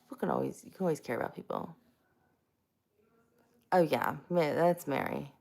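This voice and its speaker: A woman's voice: low-pitched, animated, moderate pace, creaky, darkish tone. A woman hosting a casual live stream, chatty and self-mocking, greeting viewers by name.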